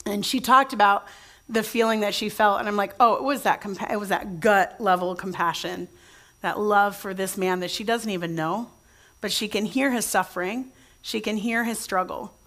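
A woman's voice: medium pitch, steady tone, moderate pace, a bit bright. A woman pastor giving a conversational sermon to her church, telling stories with many restarts and asking the congregation questions. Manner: chatty storytelling with frequent restarts, addresses the congregation directly.

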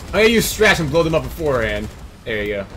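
A young man streaming a video game, joking loudly and swearing at his chat. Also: mid-range voice, big pitch swings, quick pace, slight background noise. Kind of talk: casual profane let's-play commentary.

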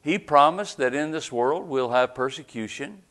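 A man's voice: mid-range voice, expressive, normal speed, fairly bright tone. Man preaching a casual sermon. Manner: conversational preaching with frequent "right?" asides. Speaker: pastor. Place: church service.

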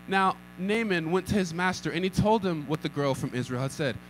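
A man's voice: sits high, lively intonation, brisk, a little hiss or hum, poor audio. A young man preaching a sermon, repeating lines and calling for responses. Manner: acts out scripture with rising intensity. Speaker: pastor.

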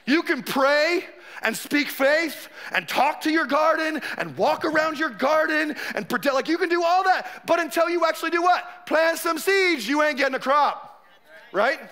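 Bright, high-voiced joking preacher man. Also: expressive, normal speed. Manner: conversational, joking, acts out quotes. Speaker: pastor. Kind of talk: sermon.

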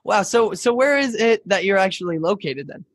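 A man's voice: high voice, expressive, normal speed. A man hosting a podcast, introducing his guest and interviewing her in a friendly, upbeat way. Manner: friendly and upbeat, laughs often. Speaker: podcast host.

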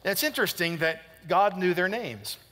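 A man's voice: high voice, expressive, normal speed, bright, forceful tone. A middle-aged man preaching a sermon to a congregation, emphatic, repeating phrases and asking them questions. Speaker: pastor. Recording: long hall reverb.

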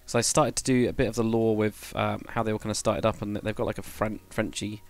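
A man's voice: on the low side, level tone, fairly quick, a little mellow. A man chatting casually to viewers on a live stream, rambling and correcting himself as he goes. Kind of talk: casual live-stream chat while building.

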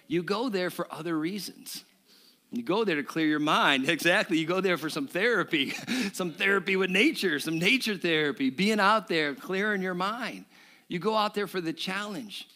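A male pastor giving a sermon, animated and joking with the congregation. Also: high-pitched. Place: church service.

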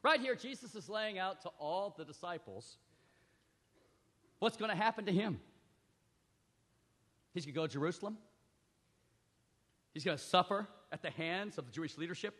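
A man's voice: high voice, expressive, normal speed, long pauses. A man preaching a sermon, reading scripture and speaking emphatically, often asking the audience questions. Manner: emphatic, dramatic swings in loudness; addresses the audience directly with questions. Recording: reverberant hall.

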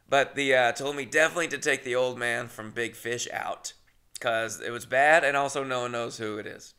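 A man's voice: medium pitch, fairly even intonation, a little fast, pushed and bright, clean tone. A man in his thirties hosting a podcast, telling a rambling, self-deprecating story with frequent swearing and restarts. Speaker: podcast host. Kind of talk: casual storytelling.

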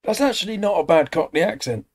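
A man's voice: high voice, lively intonation, fast talker. An English man hosting a let's play, chatting casually over gameplay with self-deprecating asides.

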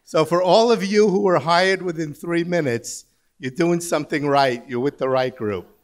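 Brief: sixties male executive, slightly high voice, dry self-mocking after-dinner humor at a banquet. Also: moderate pace. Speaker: company CEO giving a dinner speech. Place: large banquet hall.

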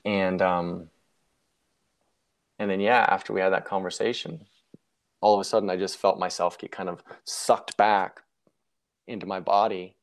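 Young guy, lowish voice, rambling and reflective, keeps correcting himself mid-sentence. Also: steady tone, moderate pace, long pauses. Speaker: guest sharing a near-death story. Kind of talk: casual interview storytelling.

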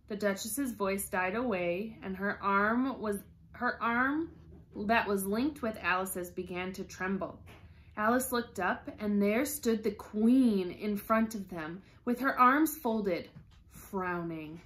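A woman reading a children's storybook aloud, slowly and carefully, with lively expression. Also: medium pitch.

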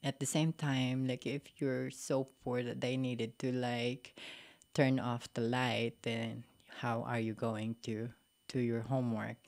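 A young woman with a Filipino accent speaks in a strikingly low-pitched voice. She talks candidly and reflectively as a podcast guest, leaning on "like" and "you know" and laughing easily. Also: level tone, slow pace, a little mellow. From Philippines. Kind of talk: casual interview conversation.

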